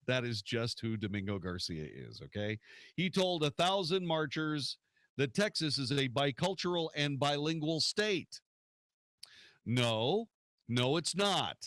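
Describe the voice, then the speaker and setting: A man's voice: mid-range voice, a bit bright, dry recording, studio quality. A man hosting a political talk radio show, arguing his points in a combative way and firing off rhetorical questions.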